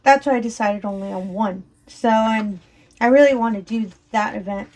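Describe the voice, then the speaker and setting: A woman's voice: medium pitch, moderate pace, a little mellow. A woman chatting casually and rambling while she works on a craft, her voice a little strained from allergies, often apologizing and laughing. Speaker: crafting vlogger. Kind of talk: casual chat while diamond painting.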